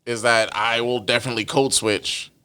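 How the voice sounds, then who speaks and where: A man's voice: medium pitch, fairly even intonation, normal speed, pushed and bright, clear, resonant tone, no echo. Male podcast host, emphatic, dry close mic. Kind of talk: casual podcast chat.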